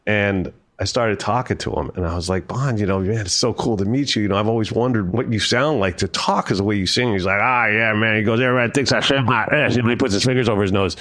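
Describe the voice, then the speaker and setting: A man guest on an interview podcast, telling animated, profane anecdotes and acting out the people he quotes. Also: lowish voice, fast, few pauses. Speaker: record executive guest. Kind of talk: storytelling interview.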